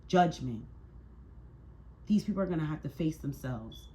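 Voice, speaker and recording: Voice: mid-range voice, lively intonation, normal speed, dark tone, slight background noise. Tarot reader, mid-range voice, heated and preachy, heavy swearing, repetitive rhetorical questions. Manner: heated, profane and emphatic, with repeated rhetorical questions; preachy and scolding. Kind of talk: tarot reading monologue.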